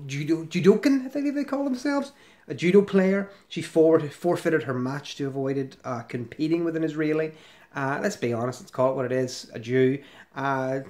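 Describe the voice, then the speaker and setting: A man's voice: fairly high pitch, a little mellow. A middle-aged man giving casual, sarcastic commentary as he scrolls through a website, rambling with fillers and restarts. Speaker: ex-member commentator.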